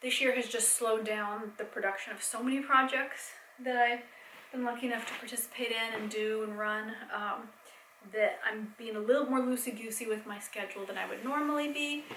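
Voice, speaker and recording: A young adult woman chatting casually in a home vlog, rambling with fillers and soft laughs, a bit tired. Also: a little high, fairly even intonation, normal speed, reverberant, slight background noise, low-quality recording. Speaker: vlogger and mom. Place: home, indoors.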